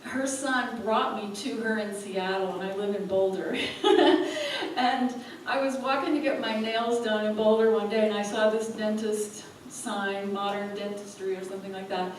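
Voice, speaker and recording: A woman spiritual speaker tells a story to a live audience in an animated way, laughing between her lines. She sounds far from the microphone in a very echoey hall. A faint murmur of the room sits behind her. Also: medium pitch, moderate pace, a little hiss or hum. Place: event hall.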